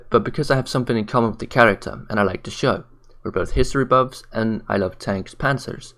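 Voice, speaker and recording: A man's voice: lowish voice, fairly bright tone. A man ranting on camera in a blunt, profane, mocking way, tired late at night. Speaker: commentary vlogger. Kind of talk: ranting commentary.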